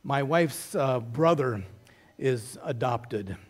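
A man's voice: medium pitch, expressive, slow pace, breathy edge. A middle-aged man preaching a sermon as a pastor, in a conversational storytelling manner with wry humor.

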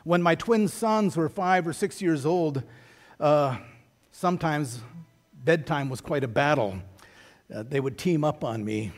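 Middle-aged pastor guy preaching, kinda high voice, chatty and wry, tells stories. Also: a little slow. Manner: conversational storytelling with wry humor. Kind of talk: sermon.

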